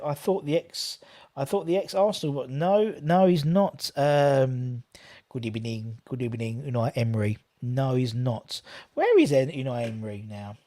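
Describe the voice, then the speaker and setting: Man, watchalong host, rambling, chatty, mid pitch, reads comments aloud. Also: a little mellow. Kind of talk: live football watchalong commentary.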